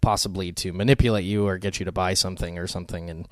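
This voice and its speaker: A man's voice: low voice, steady tone, fast talker, no room sound, studio quality. A man co-hosting a podcast in casual chat, rambling with many ums and some swearing. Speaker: podcast co-host.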